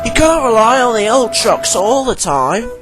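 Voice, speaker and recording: A man's voice: extremely high pitch, very animated, normal speed, voice pushed up. Harvey, a man doing a cheery crane engine. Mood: encouraging. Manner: encouraging. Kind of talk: storybook narration. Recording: background music.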